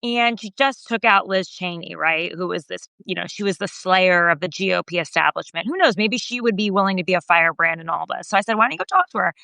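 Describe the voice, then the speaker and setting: A woman podcast host and journalist recounting a story in casual conversation, animated and full of fillers, raising her voice when quoting others. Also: a little fast, creaky, few pauses, clean tone, no echo. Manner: animated retelling, voicing quoted remarks higher, frequent fillers.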